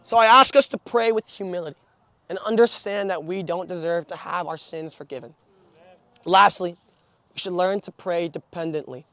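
A man's voice: high voice, moderate pace, bright, forceful tone, no room sound. A young man preaching a sermon, telling stories with many restarts and fillers. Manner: storytelling with frequent restarts and filler.

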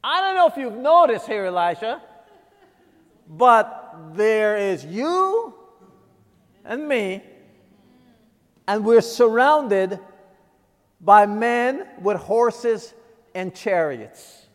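Guy with a pretty high voice giving a sermon, slow and deliberate, lots of big pauses. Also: big pitch swings. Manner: deliberate, emphatic preaching with dramatic pauses. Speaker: preacher. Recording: long reverb of a large hall.

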